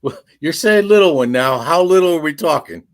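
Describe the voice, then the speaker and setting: A man on a comedy panel who keeps breaking into laughter while he answers. His voice is high for a man, it swings widely in pitch and has a gravelly edge, and it sounds dry. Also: a little fast, dry recording. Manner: laughing, lively. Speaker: panel guest. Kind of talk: comedic chat.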